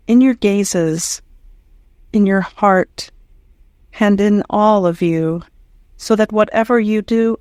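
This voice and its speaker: Female audiobook reader, devotional prayer text, measured and unhurried, mid pitch. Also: darkish tone, dry recording, studio quality. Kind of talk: slow devotional reading.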